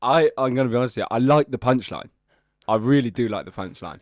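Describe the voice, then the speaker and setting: A man's voice: medium pitch, lively intonation, a little fast, no echo, studio quality. Teasing young man on a podcast. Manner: teasing, interrupts, pushes to get to the point. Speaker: podcast co-host. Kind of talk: casual chat.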